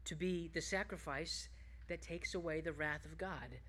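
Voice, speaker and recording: Pastor, male, bright tense voice, emphatic preaching with hushed asides. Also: normal speed. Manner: swings between loud emphatic bursts and hushed, low reflective passages. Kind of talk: sermon.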